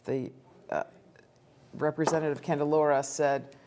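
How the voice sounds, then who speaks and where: A woman's voice: deep voice, fairly even intonation, moderate pace, background noise. A woman on a live election night panel, starting hesitantly with fillers and then turning to wry jokes. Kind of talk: live studio broadcast chat.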